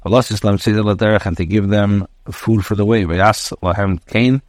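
A man, a rabbi, giving a daily class, reading Hebrew phrases aloud and translating and explaining them line by line with frequent pauses. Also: fairly low pitch, steady tone, no echo, clean studio sound.

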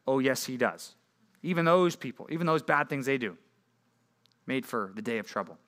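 Young male youth pastor, bright forceful tone, lively conversational sermon style. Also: medium pitch, normal speed. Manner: animated, conversational preaching with rhetorical questions. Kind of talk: sermon to junior high students.

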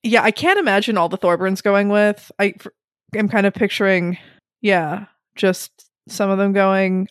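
A woman's voice: mid-range voice, steady tone, normal speed, no echo, clean studio sound. A woman chatting casually and recapping a story game with a co-host, full of fillers and asides. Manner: chatty, lots of fillers and laughs.

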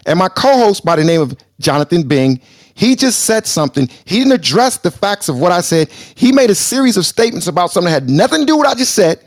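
A man co-hosting a live talk show, arguing hard and pressing his guest. His voice sits a bit high for a man, and it comes across dry and close to the mic. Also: dry recording. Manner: loud and combative, then deliberately calming down. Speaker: show co-host.

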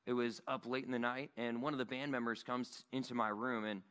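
Bright-voiced man preaching earnestly. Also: mid-range voice, steady tone, fairly quick, clean tone. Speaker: Bible study teacher. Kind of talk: sermon. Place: church meeting room.

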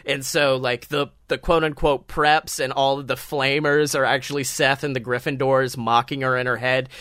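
A man co-hosting a comedy podcast, retelling a story in a rambling, animated way, full of fillers and swearing. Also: mid-range voice, moderate pace, smooth, no room sound, clean studio sound. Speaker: podcast co-host.

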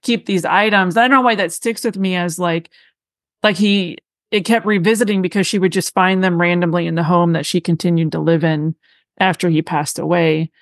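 A woman hosting an interview podcast, gently probing her guest with follow-up questions. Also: lowish voice, fairly even intonation, normal speed, dry recording. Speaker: podcast host.

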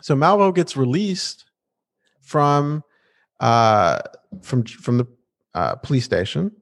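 Animated man recapping a show. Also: mid-range voice, takes it slowly, gravelly. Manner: animated and playful, with restarts. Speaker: podcast co-host. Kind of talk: casual TV episode recap chat.

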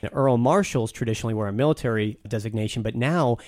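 A man's voice: mid-range voice, quick pace, a little mellow, dry recording, studio quality. A man talking casually and enthusiastically as a guest on a podcast, telling stories with some restarts.

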